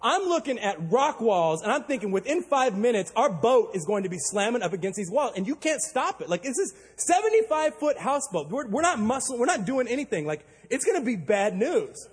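A male pastor preaching a sermon, telling a story with animated delivery and acting out panicked quotes. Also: very high voice, a little fast, few pauses, slightly rough. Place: church auditorium. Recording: long hall reverb.

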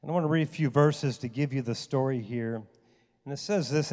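A man's voice: medium pitch, brisk, a little mellow. A male pastor preaching a sermon, telling a personal story and building to emphatic, raised passages. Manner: storytelling, rising to emphatic outbursts. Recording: long hall reverb.

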